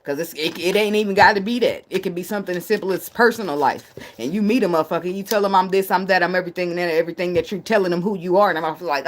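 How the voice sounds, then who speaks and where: A woman's voice: on the low side, very fast, hardly any pauses. Blunt, profane woman reading tarot. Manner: blunt, profane, laughs often. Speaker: tarot reader. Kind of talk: casual livestream tarot reading.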